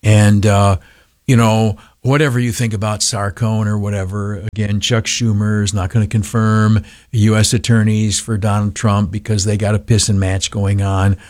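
A man's voice: lowish voice, level tone, moderate pace, a little mellow, no room sound, studio quality. A male talk radio host giving blunt, opinionated commentary, rambling with many ums and uhs. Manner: rambling, heavy fillers, blunt.

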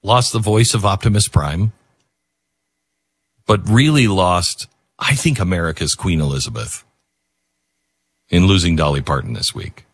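A man's voice: sits low, lively intonation, measured pace, pauses often, slightly rough, no room sound. A man hosting a talk show, speaking emotionally and rambling, with many restarts. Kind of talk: casual talk radio commentary.

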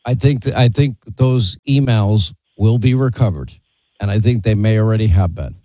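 A man's voice: on the low side, normal speed, warm tone, no room sound. Assertive male host, dry studio sound. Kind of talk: broadcast interview.

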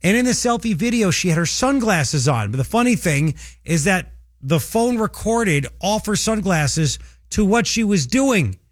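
A man's voice: high voice, very animated, measured pace, no room sound, studio quality. A man hosting a political talk radio show, mocking and sarcastic as he comments. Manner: mocking, sarcastic, laughing at his targets.

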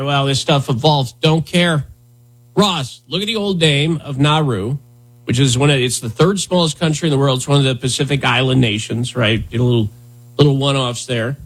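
A man's voice: on the high side, a bit bright, husky. A man hosting a talk radio show, riffing in a sarcastic, rambling, mock-indignant way. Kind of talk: casual comedic talk radio banter.

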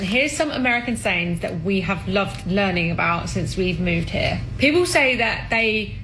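A woman's voice: mid-range voice, expressive, normal speed, fairly bright tone, soft background music, low-quality recording. A British woman from England chatting playfully and gigglingly with her partner about sayings. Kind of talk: casual chat with partner.

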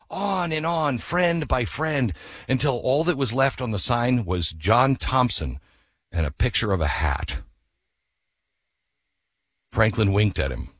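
Husky, animated male storyteller. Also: unhurried, pauses often, no echo, studio quality. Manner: dramatic, emphatic storyteller with sudden shifts of pitch and pace. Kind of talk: storytelling history talk.

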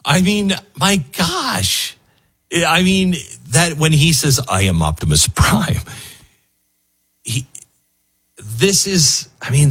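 A man's voice: medium pitch, a bit bright, breathy edge, no echo. A man hosting a talk radio show, musing in an emotional, rambling monologue full of restarts.

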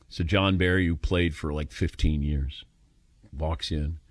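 A man's voice: low voice, unhurried, no room sound, studio quality. A man hosting a sports call-in radio show, telling stories with chuckles and taking calls. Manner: animated storyteller, chuckles while telling.

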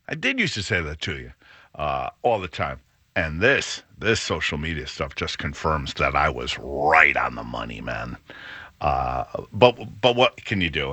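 A middle-aged show host talks in a bass voice that is bright and forceful, captured in a dry recording. His casual monologue is wry and rambling, constantly breaking off and starting again.

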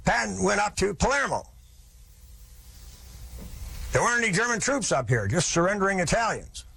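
A man's voice: high voice, sing-song, normal speed, creaky, bright, forceful tone, husky. A man telling a historical story in a folksy, vivid lecturing manner, with asides to his listeners.

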